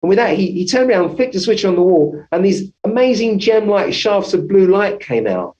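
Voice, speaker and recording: A man's voice: high-pitched, sing-song, moderate pace, darkish tone, muffled recording. A man, a family physician, telling his story as an interview guest, rambling with many restarts and self-corrections.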